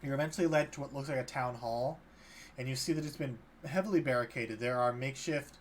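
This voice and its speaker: A man's voice: medium pitch, fast talker. A man narrating a tabletop game as game master, loosely, with many fillers. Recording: faint background noise.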